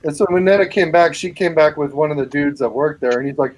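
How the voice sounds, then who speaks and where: A man's voice: on the high side, quick pace, a crowd in the background, low-quality recording. A man telling rambling, profane anecdotes in a casual chat between friends. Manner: swears a lot, rambling anecdotes.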